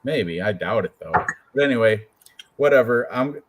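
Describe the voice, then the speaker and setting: A man co-hosting a casual show about fight predictions, joking and animated as he talks through his picks. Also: medium pitch, moderate pace, background noise. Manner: joking, animated, puts on quoted voices. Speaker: co-host picking fights. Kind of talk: casual chat.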